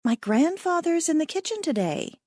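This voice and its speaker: A woman's voice: very high-pitched, very animated, moderate pace, darkish tone, no room sound, studio quality, pitched above the performer's own voice. Woman doing a coy young heroine. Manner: mock-genteel Southern put-on.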